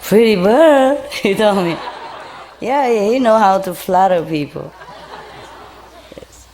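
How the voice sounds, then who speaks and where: Low mellow lady talking slow and sweet to a bird, little hiss behind. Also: lively intonation. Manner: gentle coaxing, chuckling often. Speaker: spiritual teacher speaking to a group. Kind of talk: casual talk to an audience and a pet bird.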